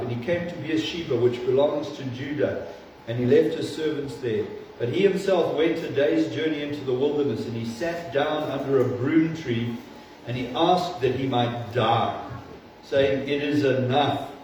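A man's voice: mid-range voice, warm tone, slight background noise. A man preaching an earnest sermon, retelling scripture in a storytelling way with frequent restarts. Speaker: pastor. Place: church hall. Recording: echoey hall, distant mic, slightly dull.

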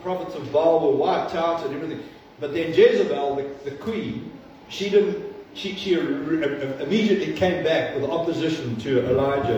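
A man's voice: a little high, mellow, a little hiss or hum. A man preaching an earnest sermon, retelling scripture in a storytelling way with frequent restarts. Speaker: pastor. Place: church hall. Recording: echoey hall, distant mic, slightly dull.

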